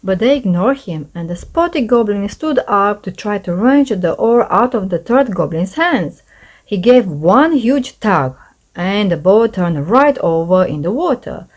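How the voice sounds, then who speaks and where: A woman reading a children's chapter book aloud. Her voice is expressive and animated, swinging widely in pitch at a middle register. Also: unhurried. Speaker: storyteller.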